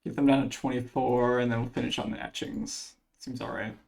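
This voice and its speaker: A man's voice: mid-range voice, level tone, a little fast, vocal fry, darkish tone. A man commentating his own card game match, thinking aloud as he weighs each play, with plenty of fillers. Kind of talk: casual gameplay commentary.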